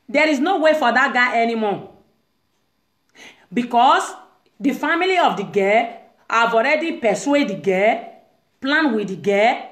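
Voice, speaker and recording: Nigerian woman host, high voice, emphatic monologue, roomy sound. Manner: emphatic, acts out quoted voices, Nigerian Pidgin-tinged English. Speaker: online show host. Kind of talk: impassioned monologue. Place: room in a private house.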